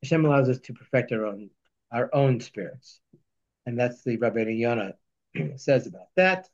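Reading each verse slowly and then unpacking it, a male Torah teacher runs a text study class. The audio is somewhat dull and lo-fi, while his mid-pitched delivery stays expressive.

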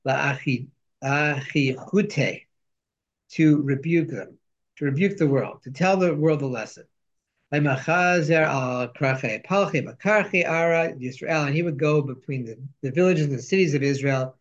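Male teacher, reads passages in the original and translates line by line; slightly muffled recording. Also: a little high. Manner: reads Hebrew and Aramaic quotes, translating each line. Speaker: Torah teacher. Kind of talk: text study lesson.

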